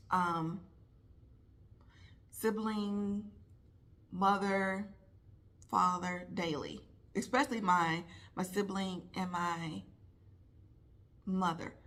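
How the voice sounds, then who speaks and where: A middle-aged woman speaking personally to camera in a vlog, heartfelt and halting, with pauses and repeated words. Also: medium pitch, fairly bright tone. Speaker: vlogger, nurse.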